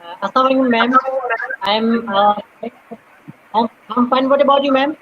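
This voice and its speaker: A man's voice: very high voice, normal speed, muffled recording, a little hiss or hum. Nervous, stammering Pakistani man. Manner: nervous, stammering with many fillers. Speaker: physics master's student. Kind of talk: nervous self-introduction on a video call.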